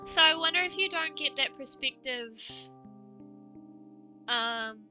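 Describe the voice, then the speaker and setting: A woman streaming a game live, chatting with her viewers in an animated way. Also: high voice, slow pace, faint music behind.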